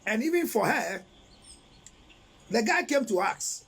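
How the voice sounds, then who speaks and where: A Ghanaian man counseling on relationships in a live talk, animated and preachy, switching between English and Twi and reading out viewer comments. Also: very high voice, measured pace, pauses often, breathy edge, rough recording. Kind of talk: live-streamed advice talk.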